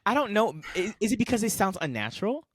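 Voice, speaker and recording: A young man co-hosting a casual podcast chat, animated and opinionated, rambling through his points. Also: high voice, fast, no room sound. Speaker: podcast co-host.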